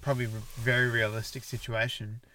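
A man co-hosting a casual podcast, easygoing and quick to laugh along. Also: mid-range voice, little pitch movement, bright, forceful tone, slight background noise. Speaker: podcast co-host. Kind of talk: casual chat.

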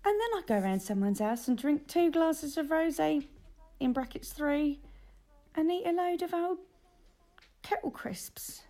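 A woman co-hosting a podcast, chatting excitedly and laughing often. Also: high voice, normal speed. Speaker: podcast co-host. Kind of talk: casual chat. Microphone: earphones in.

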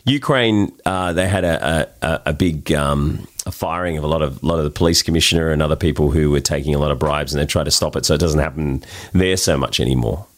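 An Australian man in casual conversation as a guest, telling travel stories with lots of restarts and excited jumps in voice. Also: fast talker, hardly any pauses. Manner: animated storyteller, many restarts, jumps high for quoted voices. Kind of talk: casual interview chat.

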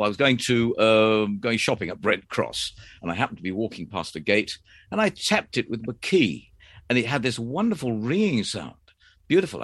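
A man in his eighties, a former announcer, chatting about his past in a measured, hesitant way with frequent fillers. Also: mid-range voice, a bit bright, no echo, clean studio sound. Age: 80s. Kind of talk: relaxed anecdotal chat.

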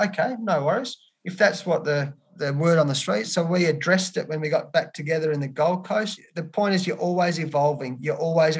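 A middle-aged man with an Australian accent speaks earnestly, his voice sitting on the higher side for a man. He circles back over his words and drops a friendly "mate" into his answers. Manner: earnest, repeats words, says "mate" often. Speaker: cricket head coach, guest. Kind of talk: candid interview answers.

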